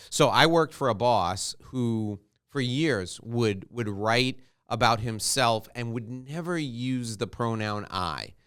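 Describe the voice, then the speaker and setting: A man's voice: fairly low pitch, a bit bright, clean tone. A man hosting a podcast, asking conversational, probing follow-up questions. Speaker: podcast host. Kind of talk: interview questions.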